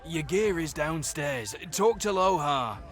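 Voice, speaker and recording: A sly con-man who wheedles and pleads theatrically in a video game. His voice swings up and down and rings bright, with faint music underneath. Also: fairly high pitch, expressive, slow pace. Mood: wheedling.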